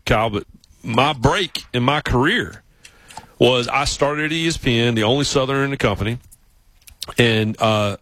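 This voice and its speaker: A sports radio host with a Southern accent tells stories in a lively way and slips into mimicking other voices. His voice sits at an ordinary male pitch and sounds dry and close to the studio mic. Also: no room sound, low-quality recording. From South Carolina, US South. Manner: animated storyteller, mimics other voices, laughs often. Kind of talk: casual radio storytelling. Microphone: studio microphone.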